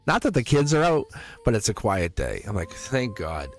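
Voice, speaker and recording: A man's voice: medium pitch, wildly swooping pitch, fairly quick, soft background music. Chatty man hosting a tarot livestream. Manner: chatty, laughs often, rambling. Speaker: tarot reader and livestream host. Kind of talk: casual livestream chat.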